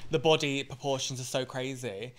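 A man's voice: mid-range voice, normal speed, a little hiss or hum. A man from the UK, a podcast co-host and drag performer, telling stories with lots of "like". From United Kingdom. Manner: animated storytelling, lots of "like". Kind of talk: casual podcast chat.

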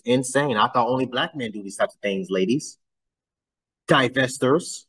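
A man's voice: mid-range voice, moderate pace, fairly bright tone, husky, distant mic, low-quality recording. A man hosting a casual reaction commentary, talking bluntly and getting exasperated, his voice climbing when he is incredulous. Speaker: commentary channel host.

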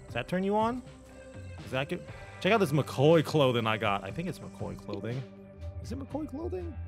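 A man's voice: mid-range voice, very animated, moderate pace, creaky, music in the background. A young man casually commenting on his gameplay, joking and rambling with plenty of fillers. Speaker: gaming video host.

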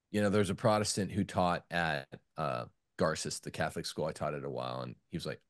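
A man on a podcast, a former teacher, talking in an animated storytelling way with some stammers. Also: sits low, fairly quick, no echo, clean studio sound. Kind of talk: casual podcast discussion.

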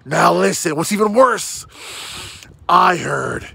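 A man doing a comedy roast video, brash and profane, yelling and tacking "bro" onto every line. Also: high voice, big pitch swings, takes it slowly, gravelly, a little hiss or hum.

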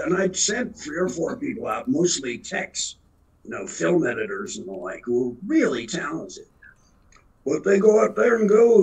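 Here the eighty-something actor from around Philadelphia talks in a fairly high, sing-song voice at a moderate pace, darkish and very raspy with a gravelly texture. He's a rambling anecdotal storyteller guesting on a casual interview, and the recording quality is low.

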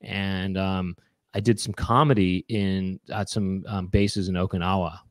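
A comedian hosting a show chats casually in a low voice with little pitch movement and a measured pace, with no room sound. He rambles and jokes, full of fillers and restarts.

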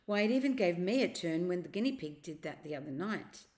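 A woman reading a storybook aloud and voicing a scheming elderly uncle who speaks in a slow, coaxing, secretive way. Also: lowish voice, lively intonation, a little mellow, lightly acted. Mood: sly.

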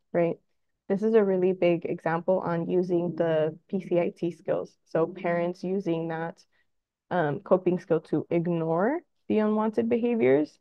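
A woman's voice: mid-range voice, creaky, no echo, lo-fi sound. A woman therapist giving a conversational talk to parents, acting out little scenes with children as she explains. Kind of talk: presentation to parents.

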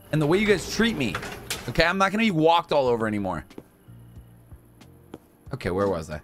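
Excitable young man, wildly swinging pitch. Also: normal speed, long pauses, soft background music. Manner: excitable, talks to himself and in-game customers, swings from mumbling to shouting. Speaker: gaming YouTuber. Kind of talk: casual gameplay commentary.

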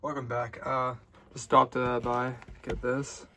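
A young man hosting a casual card-opening video, chatting loosely and getting excited at good pulls. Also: medium pitch, takes it slowly, a little hiss or hum. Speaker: card-opening channel host.

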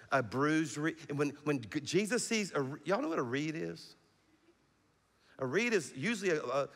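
Middle-aged pastor preaching in a hall. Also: male voice, a little high. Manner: animated preaching with call-and-response. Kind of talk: sermon. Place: large church hall. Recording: long reverb of a large hall.

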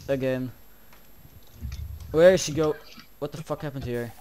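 A gameplay commentator gives frantic let's-play commentary, panicking, swearing and exclaiming constantly. His voice is medium-pitched and dark in tone, though his pace stays unhurried. There's a little hiss or hum in the recording.

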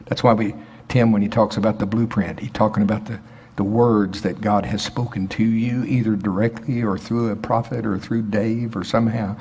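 A husky male preacher delivers a sermon in a sanctuary, reading scripture and then building to emphatic, climbing peaks. His voice carries a long, ringing hall reverb. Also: mid-range voice, darkish tone. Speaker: pastor. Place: prayer center sanctuary.

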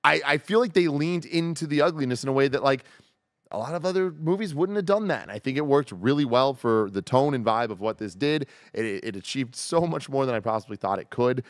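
A man co-hosting a casual movie review podcast, talking with animated enthusiasm and getting loud on the high points. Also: a little fast, no room sound, studio quality. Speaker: podcast co-host.

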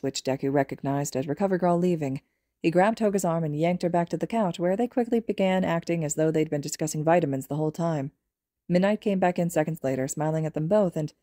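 Woman podfic reader, low and mellow, steady storytelling. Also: brisk, no echo, clean studio sound. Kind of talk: audiobook narration of fan fiction.

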